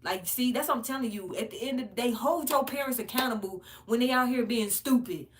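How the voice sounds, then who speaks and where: A woman's voice: fairly high pitch, brisk. Blunt, profane woman ranting on camera. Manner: blunt, profane, animated storytelling; laughs between points. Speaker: commentary vlogger. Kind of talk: casual ranting commentary.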